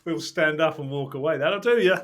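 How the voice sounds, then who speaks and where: A man's voice: a little high, brisk, a bit bright. A man co-hosting a casual political podcast, laughing often and trading wry banter. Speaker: podcast co-host.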